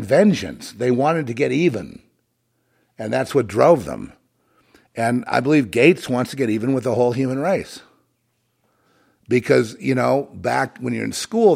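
A man's voice: mid-range voice, gravelly, darkish tone, husky. A man delivering a scornful, emphatic, rambling monologue rant, often restarting his words. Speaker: commentator.

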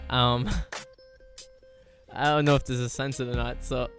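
A man's voice: mid-range voice, flat delivery, slow pace, fairly bright tone. A young man hosting a college radio show, talking casually and rambling with lots of fillers. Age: young adult. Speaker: radio DJ host. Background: faint music.

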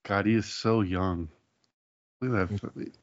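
A man's voice: lowish voice, fairly even intonation, slow pace, no room sound. An easygoing man making observant comments in casual banter while watching wrestling. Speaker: podcast co-host. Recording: slightly dull lo-fi sound.

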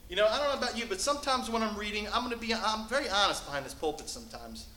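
A male pastor preaching a sermon from the pulpit, shifting between loud, emphatic lines and hushed, soft passages. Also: high-pitched, expressive, rapid-fire, echoey room, rough recording. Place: church sanctuary.

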